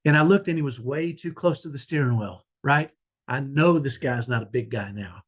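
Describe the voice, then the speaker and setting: A man's voice: mid-range voice, normal speed. A man talking about his life as a parent, telling a personal story in a conversational way and often tagging his sentences with "right?". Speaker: parent vlogger.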